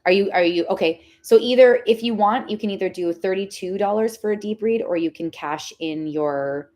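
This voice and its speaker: A young woman reading tarot on a livestream, chatting casually with viewers. She is excitable and says "like" a lot. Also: mid-range voice, normal speed. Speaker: tarot reader hosting a livestream.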